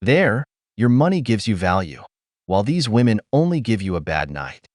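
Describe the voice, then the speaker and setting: A man's voice: on the low side, very animated, moderate pace, darkish tone, no echo, clean studio sound. A man narrating scripted commentary in a lecturing, preachy way.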